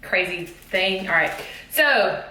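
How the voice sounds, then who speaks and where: Bubbly teacher, bright echoey voice. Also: female voice, lowish voice, expressive, slow, a little hiss or hum. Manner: bubbly, chatty, exclamatory. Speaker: teacher vlogger. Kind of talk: casual haul vlog. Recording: echoey room.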